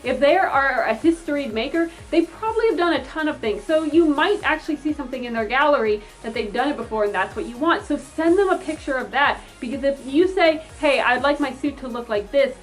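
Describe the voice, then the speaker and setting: Chatty young woman fursuit maker, slightly high voice. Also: lively intonation, fairly quick, hardly any pauses, poor audio. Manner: chatty, pleading, acts out quoted messages. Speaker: fursuit maker giving advice. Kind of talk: casual advice vlog.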